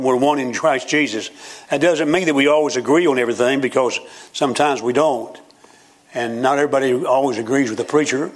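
An older male preacher delivering a sermon in a folksy, storytelling way. He tells homespun jokes and climbs to emphatic points. His voice sits in an ordinary middle range. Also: medium pitch. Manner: folksy, joking storytelling with rising emphatic lines.

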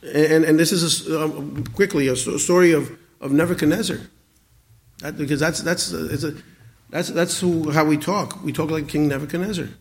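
A man in his forties preaching a sermon, earnest, with many stammered restarts and swings between loud emphasis and quiet asides. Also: fairly high pitch, steady tone, a little fast, gravelly. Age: 40s. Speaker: pastor.

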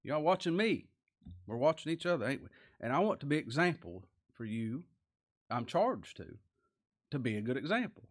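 A man's voice: on the high side, sing-song, normal speed, pauses often. Folksy preacher, man. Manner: folksy, earnest preaching with Southern dialect. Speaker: pastor. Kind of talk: sermon.

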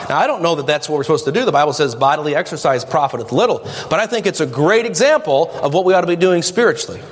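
Male pastor, animated sermon delivery full of rhetorical questions, reverberant sanctuary. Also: fairly high pitch. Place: church sanctuary. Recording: long reverb of a church hall. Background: congregation.

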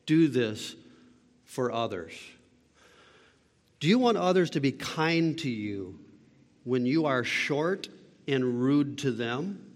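A man's voice: mid-range voice, animated, slow pace, pauses often, big-room sound. A man preaching a sermon as a pastor, emphatic and asking the listeners rhetorical questions.

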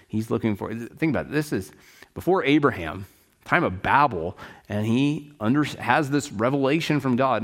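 A man leads a Bible study lecture in an easygoing, conversational manner. He paraphrases scripture in everyday words, restarts his sentences, and keeps checking in with his listeners. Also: mid-range voice. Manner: conversational, checks in with "right?" and "okay?"; explains in plain paraphrase with restarts. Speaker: Bible teacher.

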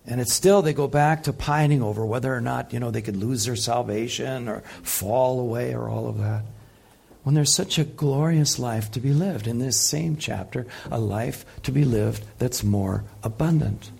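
A man preaching a sermon, impassioned, swinging between loud peaks and soft, quiet passages. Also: medium pitch, moderate pace, vocal fry, slightly rough. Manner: impassioned, rising loud then dropping soft. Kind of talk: sermon teaching.

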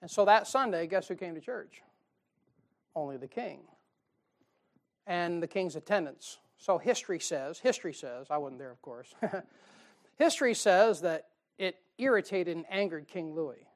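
A middle-aged male pastor preaching a sermon in his church in a folksy, joking way, moving between loud emphasis and quiet asides. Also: high-pitched, animated, unhurried. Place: church sanctuary.

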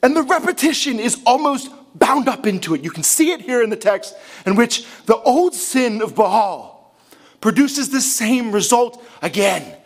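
A man's voice: very high-pitched, very animated, a little slow. A man preaching a sermon in a church, impassioned and full of rhetorical questions. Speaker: pastor.

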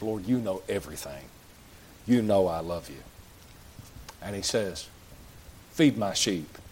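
A man preaching a sermon in a church, folksy and plain-spoken, asking the congregation question after question. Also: mid-range voice. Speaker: pastor.

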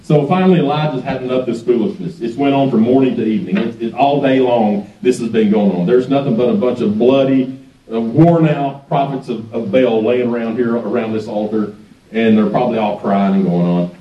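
Preaching as a guest in a church sanctuary, a man tells his sermon's story folksily and chuckles a lot. He speaks at medium pitch, a little fast, and the recording is echoey with a distant, dull mic.

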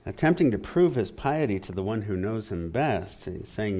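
A man preaching an expository sermon in an animated, engaging way, often asking the congregation questions. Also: medium pitch, moderate pace, hardly any pauses.

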